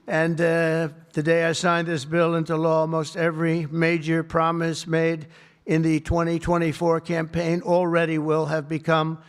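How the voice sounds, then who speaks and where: A man's voice: on the high side, monotone, normal speed, smooth. A man giving an off-the-cuff public speech to a live audience, rambling and repetitive, with many superlatives and asides. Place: event hall with a live audience.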